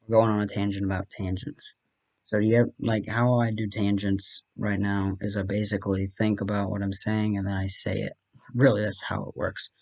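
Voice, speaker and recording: Here a lowish-voiced young man from Wisconsin hosts a podcast alone, with a faint Wisconsin accent, vocal fry, and a level tone at normal speed. He rambles in a chatty, self-deprecating way, bantering with himself over dull-sounding audio.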